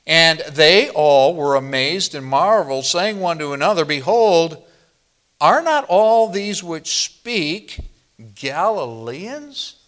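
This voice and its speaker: Man, pastor, sermon, slow teaching delivery, slightly high voice, quizzes the congregation. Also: animated, fairly bright tone. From northern Midwest US. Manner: teacherly, asks the congregation questions.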